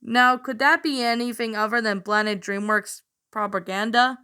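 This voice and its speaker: A woman's voice: fairly high pitch, fairly even intonation, normal speed, sharp tone, smooth. A woman narrator reading a fan story aloud, often stumbling and restarting words.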